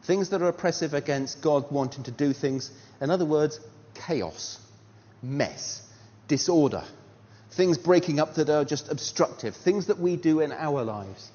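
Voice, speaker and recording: A man preaching a sermon, telling a story and asking animated rhetorical questions with a touch of self-deprecating humour. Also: a little high, measured pace. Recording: dull sound with long hall reverb.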